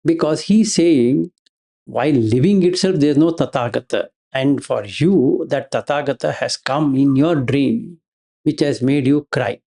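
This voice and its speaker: Gravelly man giving a blunt Dhamma talk. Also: mid-range voice, unhurried, dark tone. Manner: argues through rhetorical questions, repeats Pali terms; blunt, dismissive of emotion. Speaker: Buddhist Dhamma teacher.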